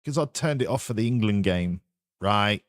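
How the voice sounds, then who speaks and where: A man's voice: fairly low pitch, animated, moderate pace, no echo. Joking male streamer, dry close mic. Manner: joking, chatty, teasing. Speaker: livestream host. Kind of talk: casual live stream chat.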